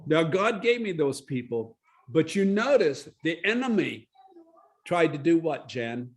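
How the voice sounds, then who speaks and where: High-voiced man telling a testimony. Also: measured pace. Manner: animated, acts out the quotes in his story. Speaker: Bible study leader sharing his testimony. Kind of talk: storytelling testimony.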